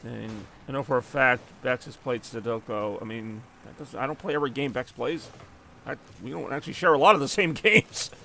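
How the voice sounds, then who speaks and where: A male streamer talks loosely through a live car soccer match. His voice sits at an ordinary middle pitch. He rambles and jokes as he answers the chat between plays. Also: fairly quick, creaky, pushed and bright, slight background noise.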